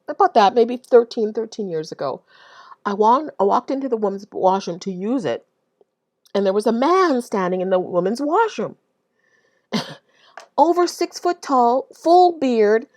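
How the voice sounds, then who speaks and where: A woman's voice: medium pitch, a little mellow. A woman speaks to camera in an earnest, unpolished religious testimony. She stops and restarts often, doubling back over her own words as she tells her story. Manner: earnest, halting, with frequent restarts and repetition. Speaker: Christian vlogger.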